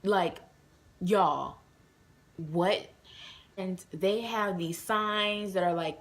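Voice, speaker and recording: A woman's voice: on the low side, very slow, pauses often. Chatty woman telling a storytime vlog. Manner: chatty, many fillers, addresses viewers as y'all. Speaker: vlogger.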